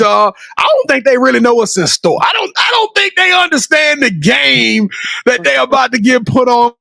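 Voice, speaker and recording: A man hosting a sports talk show, loud and playful, joking and often shouting. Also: extremely high pitch, vocal fry, no echo. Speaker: podcast host. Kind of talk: casual chat.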